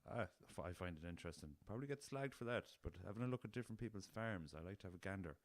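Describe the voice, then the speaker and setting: Deep-voiced Irish man telling yarns. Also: animated, very fast, no echo. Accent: Irish, west of Ireland. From Ireland. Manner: rambling anecdotal, swears freely, chuckles. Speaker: podcast host. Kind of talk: casual storytelling.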